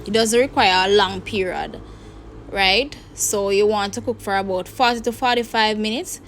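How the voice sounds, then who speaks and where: A woman's voice: medium pitch, moderate pace, fairly bright tone, slight background noise, rough recording. A Jamaican woman hosting a cooking video, explaining each step to viewers in a chatty way from her kitchen. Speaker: cooking channel host. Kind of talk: casual cooking demonstration.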